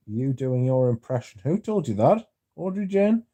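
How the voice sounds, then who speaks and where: Guy on a livestream reading out chat, deadpan and sardonic, warm low-key voice, no room echo. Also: normal speed. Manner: dry, sardonic banter with chat. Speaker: livestream host. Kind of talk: casual livestream chat, reading viewer comments aloud.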